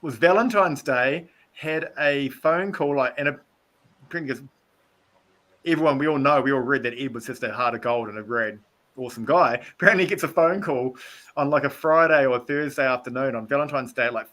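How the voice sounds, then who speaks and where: A man's voice: medium pitch, brisk, fairly bright tone. A man from New Zealand with a Kiwi accent, chatting as a guest on a video-call live stream and rambling through stories. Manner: rambling storyteller, acts out quotes. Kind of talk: casual chat.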